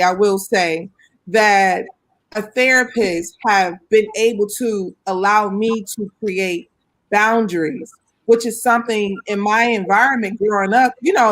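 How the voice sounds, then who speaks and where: A woman on a panel who tells animated stories on a video call, laughing often. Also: mid-range voice. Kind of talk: panel discussion.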